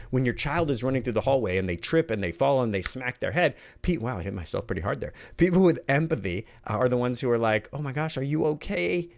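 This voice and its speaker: A middle-aged man presenting an online workshop on communication, talking in a lively way and acting out little quoted voices. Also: medium pitch.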